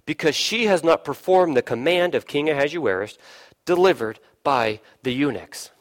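Pastor guy preaching, kinda high voice, swoops up and down a lot, asks the crowd stuff. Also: moderate pace. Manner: lively preaching, asks the listeners questions, acts out voices, drops low for emphasis. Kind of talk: sermon.

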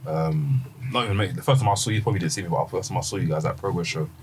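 A man hosting a casual chat, relaxed and sometimes mumbling. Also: low voice, racing. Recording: loud background noise.

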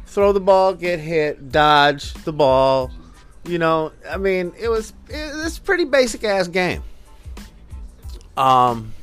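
A man's voice: a little high, fairly bright tone, clear, resonant tone. A man from Minnesota hosting a casual solo podcast, talking in a loose, profane, rambling way. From Minnesota, US Midwest. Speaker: podcast host.

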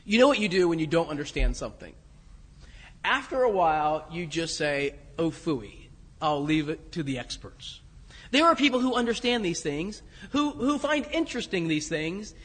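Male preacher, high voice, chatty self-deprecating sermon, long hall reverb. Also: fairly bright tone, slightly rough. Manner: storytelling, conversational, self-deprecating with chuckles.

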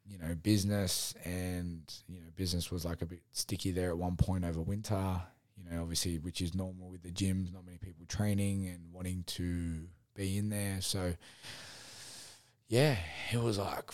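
Aussie guy hosting a solo podcast, low voice, rambly and sweary, dry close sound. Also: fairly even intonation, moderate pace, a little mellow, dry recording. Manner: rambling, heavy fillers and swearing, candid. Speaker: podcast host and gym owner. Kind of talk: casual solo podcast reflection.

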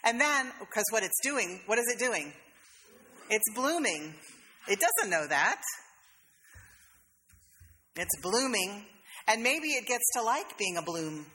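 A woman's voice: mid-range voice, big pitch swings, slow, long pauses, pushed and bright, long reverb tail. A woman pastor, preaching a sermon in a conversational, storytelling way with playful asides. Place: church sanctuary.

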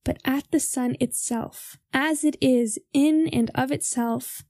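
A young woman reading a philosophy text aloud in a measured, formal way. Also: high-pitched, steady tone, darkish tone, no room sound, clean studio sound.

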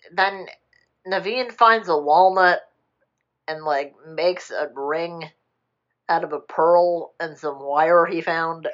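A woman in casual chat, retelling a film plot in a rambling, animated way, jumping into quick character voices and swearing freely. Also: on the low side, highs cut off. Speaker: podcast co-host retelling a film.

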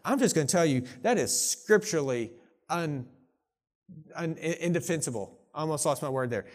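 A man who is a pastor preaching a sermon, earnest and swinging between hushed, intimate moments and emphatic declarations, a parent of young children. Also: a little high, animated, moderate pace. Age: young adult or middle-aged, parent of young children.

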